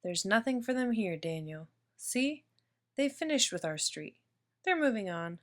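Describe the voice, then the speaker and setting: Woman reading as a protective mom in a storybook, gentle expression, mid-pitched voice. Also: expressive, measured pace, natural voice. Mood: reassuring. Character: mother of a young boy, protective.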